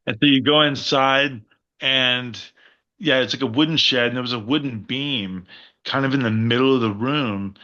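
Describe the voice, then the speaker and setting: Man, mid-pitched voice, casual guest storyteller, swears a lot, dull lo-fi sound. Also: moderate pace. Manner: animated, profane, rambling anecdotes. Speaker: podcast guest, wrestler.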